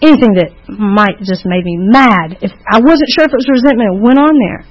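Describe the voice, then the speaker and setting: Woman speaker, personal recovery testimony, candid and unpolished, slightly high voice, dull lo-fi sound. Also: fairly quick. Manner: candid, rambling storytelling with many restarts.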